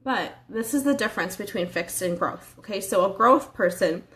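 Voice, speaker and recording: A woman's voice: medium pitch, expressive, moderate pace, a bit bright. A woman giving a casual motivational training talk as a life coach, earnest and conversational, asking the listener rhetorical questions.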